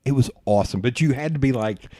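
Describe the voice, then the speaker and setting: A man hosting a podcast, telling rambling stories in a loose, profane, animated way. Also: medium pitch, quick pace, dry recording, studio quality. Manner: animated, profane, rambling storyteller who bursts into laughs. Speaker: podcast host. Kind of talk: casual storytelling chat.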